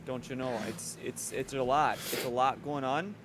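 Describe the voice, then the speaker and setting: Man as a theatrical male adventurer, overblown old-fashioned phrasing, gravelly, noisy home recording. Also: medium pitch, fairly even intonation, moderate pace, lightly acted. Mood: flustered. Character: Zephyr, male player character, dramatic and needy.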